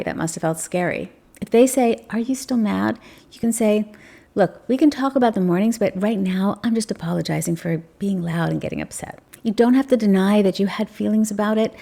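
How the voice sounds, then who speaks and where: A woman hosting a parenting channel, talking straight to the viewer in a gentle, reassuring way and acting out sample phrases. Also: mid-range voice, gravelly. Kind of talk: direct-to-camera advice talk.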